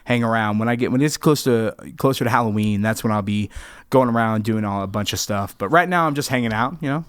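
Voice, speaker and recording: A man's voice: on the low side, quick pace, clean tone, no echo. A man talking as a guest on a podcast, telling rambling stories in a casual chat. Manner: rambling, animated storyteller.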